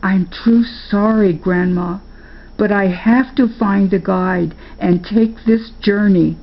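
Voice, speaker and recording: A woman's voice: medium pitch, steady tone, takes it slowly, muffled recording. An older woman voicing an eager young boy who earnestly pleads in old-fashioned rustic speech, in a storybook reading. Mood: pleading.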